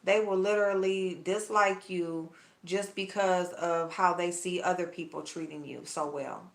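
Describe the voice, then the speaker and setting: A woman's voice: on the low side, steady tone, a little slow, roomy sound. A woman vlogger chatting bluntly with her viewers while cooking at home, gossipy and loose, calling them y'all. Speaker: vlogger talking to her live chat. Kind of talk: casual chat while cooking.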